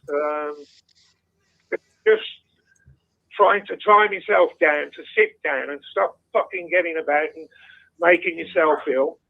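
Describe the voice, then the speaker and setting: A man's voice: fairly high pitch, creaky. A man calling in to a phone-in show, chatting casually and rambling with lots of swearing over a phone line. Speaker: caller.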